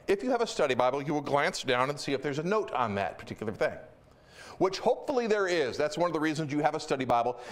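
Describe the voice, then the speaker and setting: A middle-aged male pastor delivers a sermon in an animated, emphatic storytelling manner. His voice sits high for a man and leaps up and down in pitch as he drives his points home.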